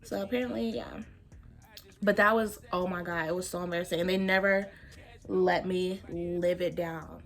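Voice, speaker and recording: A young woman vlogger chatting casually while doing her makeup, telling a story with lots of laughter and cursing. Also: lowish voice. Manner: animated, laughing, profane, drawn-out storytelling. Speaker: beauty vlogger.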